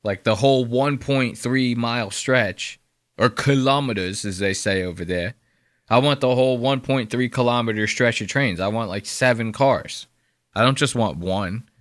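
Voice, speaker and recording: A man's voice: medium pitch, moderate pace, a bit bright, no room sound, clean studio sound. A man hosting a podcast who riffs crudely and mockingly on video clips. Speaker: podcast host reacting to clips. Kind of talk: profane comedic commentary.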